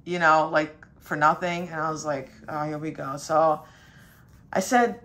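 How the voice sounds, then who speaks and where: A woman's voice: animated, normal speed, fairly bright tone. A young woman, a spiritual reader, telling a rambling casual story full of fillers and mild cursing. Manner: quotes her dad in a higher voice.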